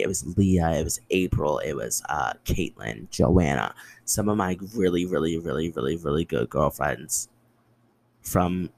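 A man's voice: sits low, darkish tone. A young man in his twenties hosting a podcast alone, telling personal stories in a casual, profane and dramatic way and answering his own questions. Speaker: podcast host. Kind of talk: casual storytelling monologue.

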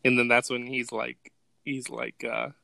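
A man with a gravelly, fry-heavy voice and a bright edge talks loosely on a podcast. He stays laid-back, swears freely and laughs easily while recapping scenes. The sound is close and dry. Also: medium pitch, level tone, a little slow, dry recording. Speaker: podcast co-host. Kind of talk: casual chat.

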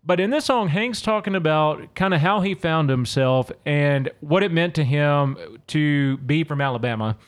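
A man's voice: fairly high pitch, animated, moderate pace, hardly any pauses. A man from Louisiana, hosting a solo podcast and casually talking through song lyrics. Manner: casual, conversational, reads lyrics aloud between explanations. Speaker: podcast host.

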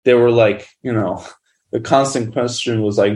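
Here a documentary filmmaker rambles through an anecdote, his speech crowded with fillers and one "like" after another. The voice is mid-range and a touch mellow, with a steady tone and measured pace.

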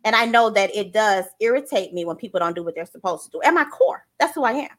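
A woman working as a transparency coach, talking in a casual, energetic and emphatic way, often repeating her phrases. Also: mid-range voice, fast. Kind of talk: casual chat.

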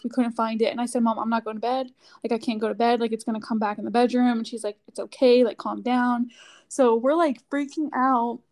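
A woman's voice: a little high, darkish tone. A woman chatting casually, telling a story with lots of "like" fillers. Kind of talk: casual chat.

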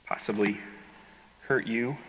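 A man's voice: mid-range voice, fairly even intonation, slow, noisy background. A middle-aged man preaching a sermon as a pastor, candid and self-deprecating, talking in a loose conversational way. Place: large rented hall with reverb. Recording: long hall reverb.

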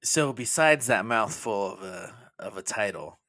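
A man's voice: lowish voice, lively intonation, unhurried, sharp tone, no echo. A man co-hosting a casual movie podcast, chatty and laughing often, with frequent hesitant restarts. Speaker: podcast co-host.

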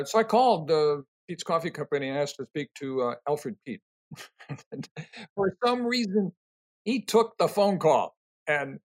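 An older man answering interview questions, telling rambling, animated stories full of fillers and restarts. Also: fairly high pitch. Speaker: interview guest, company co-founder.

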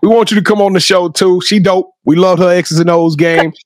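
Brief: male podcast host with a high voice, effusive slangy hype talk, dry close sound. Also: steady tone, fairly quick, dry recording. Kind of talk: casual hype chat.

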